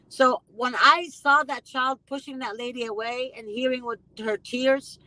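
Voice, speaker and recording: A woman's voice: high-pitched, fairly even intonation, a little slow, hardly any pauses, bright, forceful tone, no echo, low-quality recording. A woman hosting a casual conversation, speaking emphatically and repeating phrases with indignation. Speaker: host.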